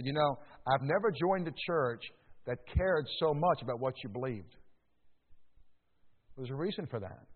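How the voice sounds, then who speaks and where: A male pastor preaching a sermon, with sudden loud rises and slow stressed words. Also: medium pitch. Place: church sanctuary. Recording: echoey hall, tinny phone-like sound.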